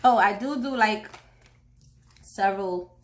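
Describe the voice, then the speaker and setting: A woman's voice: medium pitch, takes it slowly, slight background noise. A woman from Haiti giving a casual tarot reading, slangy and chatty with jokey asides. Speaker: tarot reader.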